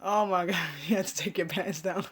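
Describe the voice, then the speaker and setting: A woman's voice: lowish voice, a little fast, breathy edge. A young woman hosting a casual live stream, chatting with viewers, laughing often and swearing freely. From Caribbean family, raised speaking Spanish. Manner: profane, laughing, talks to viewers. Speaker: host of a live online show.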